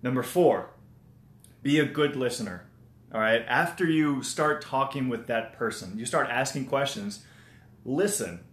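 A man's voice: medium pitch, lively intonation, unhurried, fairly bright tone. A man hosts a casual live stream full of friendly tips. He talks in a mid-range voice, greets viewers by name and loops back over his points. The room gives his voice a noticeable echo. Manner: chatty, repeats himself, greets viewers. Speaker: motivational livestream host. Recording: roomy echo.

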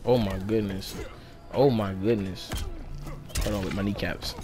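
A man giving excited play-by-play commentary as he plays a fighting game, groaning and exclaiming at every hit. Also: fairly low pitch, unhurried, over music. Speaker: gaming channel host. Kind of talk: live gameplay commentary.

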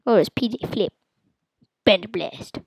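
A woman giving silly, playful commentary while playing a game, with sudden loud outbursts. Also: mid-range voice, expressive, slow pace, vocal fry, breathy edge, no echo, poor audio. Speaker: gamer. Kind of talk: casual let's-play commentary.

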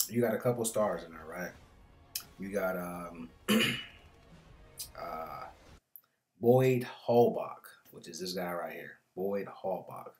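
A man hosting a casual movie review vlog, talking in a slangy, rambling way with joking asides. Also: deep voice. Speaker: movie reviewer, show host.

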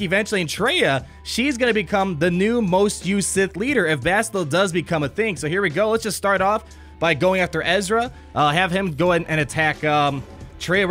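A man with a notably high-pitched voice narrates his gameplay with eager, exclamatory energy. He rambles and restarts sentences as he gets carried away. Soft background music plays beneath his commentary. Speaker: gaming YouTuber.

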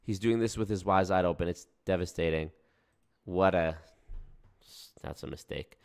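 A young man hosting a casual livestream, reacting to chat in a profane, animated way. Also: deep voice, moderate pace, smooth. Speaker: livestream host.

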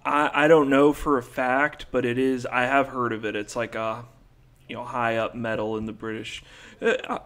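A man's voice: mid-range voice, flat delivery, normal speed, fairly bright tone. A man co-hosting a casual podcast who chimes in with giggly, apologetic interjections. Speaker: podcast co-host.

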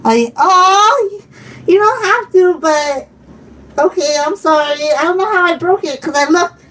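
A woman's voice: very high-pitched, expressive, measured pace, fairly bright tone. A woman chatting casually on a live stream, giggling often and talking to her viewers. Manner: giggly, chatty, laughs often and reads chat aloud. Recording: distant mic with faint background noise.

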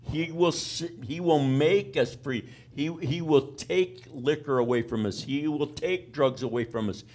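A man's voice: a little high, a little slow, hardly any pauses, a little mellow, a little hiss or hum. A man preaching a sermon in a plain country-boy way of talking, folksy, often checking in with the congregation by asking "amen?" and "all right?". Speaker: pastor.

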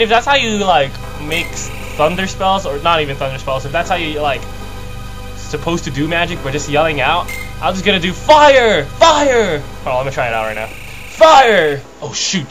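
A young man casually commentating a video game, rambling and joking as he mocks the characters. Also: low-quality recording. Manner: rambling, jokey, mocks characters in squeaky put-on voices. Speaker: let's play commentator. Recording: game music underneath.

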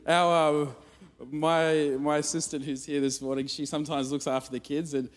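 A man's voice: on the high side, normal speed. Man telling a story in a hall. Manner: animated, self-mocking storyteller. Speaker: guest speaker. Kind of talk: storytelling sermon. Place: church auditorium. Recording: long reverb of a church hall.

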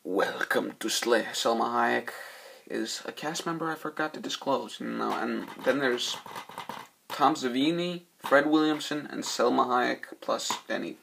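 A man's voice: medium pitch, a little slow, creaky. A young man rambling casually through a film review, swearing often and losing his train of thought. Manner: acts out movie quotes in loud, shouty voices. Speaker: movie reviewer.

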